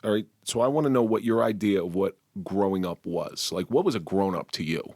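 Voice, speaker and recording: A man's voice: low voice, brisk, a little mellow, no echo, studio quality. A man co-hosting a podcast, asking probing questions in a casual way and restarting his sentences. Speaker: podcast co-host.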